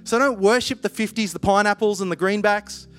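A man preaching in a relaxed, conversational way, full of playful asides. His voice sits high for a man, and soft music plays faintly underneath. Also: a little fast. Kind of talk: sermon.

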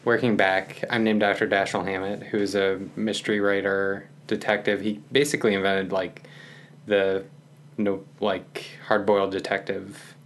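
Calm, soft-spoken young man, low voice. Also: moderate pace, slight background noise. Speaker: podcast guest. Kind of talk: casual conversation.

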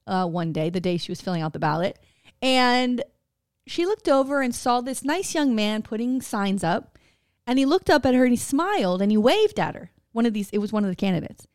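A woman co-hosting a podcast in casual chat, animated, laughing often and swearing freely. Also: on the high side, dry recording, studio quality. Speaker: podcast co-host.

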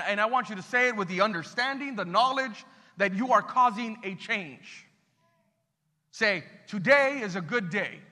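High bright-voiced preacher, echoing hall. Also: male voice. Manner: energetic, call-and-response preaching. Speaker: pastor. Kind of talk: sermon. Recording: long reverb in a hall.

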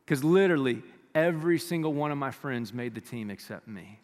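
A man from the United States preaching a sermon, reading scripture and telling stories in an animated way. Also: medium pitch, fairly quick, hardly any pauses, long reverb tail. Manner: animated storytelling, acts out quoted voices. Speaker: pastor.

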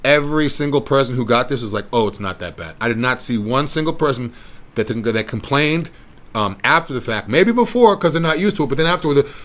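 A man in mid-range pitch gives a casual, rambling pitch, circling back and repeating himself as he pushes his point. His delivery sounds unscripted and conversational, as if he is talking with clients and not giving a speech. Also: lively intonation, a little fast, a bit bright. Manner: rambling, repetitive, persuasive. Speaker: wellness clinic presenter. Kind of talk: casual explanatory talk.

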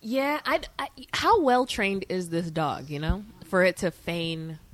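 Lively, low-voiced young woman. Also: measured pace. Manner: animated, playful, chatty. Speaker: co-host. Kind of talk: casual watch-along chat.

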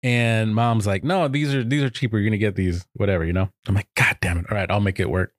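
A man telling a rambling, animated story in casual chat, laughing often. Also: on the low side, fast, no echo, clean studio sound.

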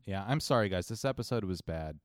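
A man's voice: deep voice, lively intonation, brisk, no room sound, studio quality. A man co-hosting a podcast, talking in a sarcastic, rambling, swearing way. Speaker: podcast co-host. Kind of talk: casual chat.

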